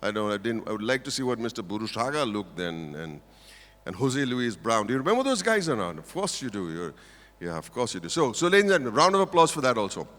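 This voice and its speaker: Playful older man, Indian English, bright. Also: medium pitch, big pitch swings, quick pace. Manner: playful, teasing the audience. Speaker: motivational speaker at a corporate event. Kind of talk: humorous stage speech. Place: large auditorium stage. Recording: reverberant auditorium.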